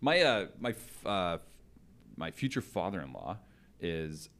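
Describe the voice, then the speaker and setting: A man's voice: low-pitched, sing-song, measured pace, fairly bright tone, a little hiss or hum. A man from Canada hosting a casual podcast chat, joking around and slipping into mock voices. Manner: jokey, does mock voices of people he describes. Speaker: podcast host.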